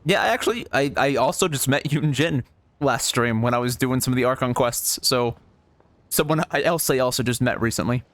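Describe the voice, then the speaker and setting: A man's voice: medium pitch, a little fast, a bit bright. A man streaming a video game, chatting casually in a rambling way with many fillers and restarts. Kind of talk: casual gameplay commentary.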